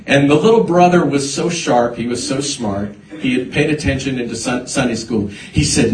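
A man preaching a sermon, telling a personal story with halting restarts before building to emphatic points. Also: mid-range voice. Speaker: pastor. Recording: echoey hall, voice from a distance.

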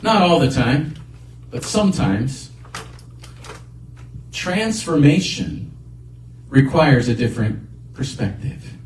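A man's voice: mid-range voice, sing-song, takes it slowly, long pauses, slight background noise. A man preaching a sermon as a pastor, earnest and emphatic, repeating his key points. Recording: echoey room picked up from a distance.

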